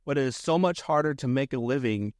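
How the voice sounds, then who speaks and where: Middle-aged comic guy on a podcast, rambly and self-deprecating, mid pitch, dry close sound. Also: animated, fairly quick, dry recording. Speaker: guest comedian. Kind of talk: casual podcast chat.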